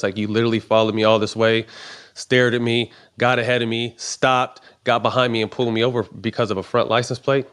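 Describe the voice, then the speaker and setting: A man's voice: fairly low pitch, fairly bright tone. A man telling a personal story in casual, profane talk, acting out both sides of the conversations he recounts. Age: adult. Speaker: professional basketball player.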